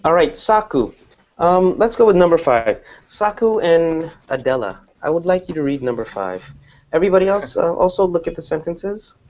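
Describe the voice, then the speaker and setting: A man teaching an online English class, explaining patiently and slowly with examples. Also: on the high side, very animated, darkish tone, highs cut off.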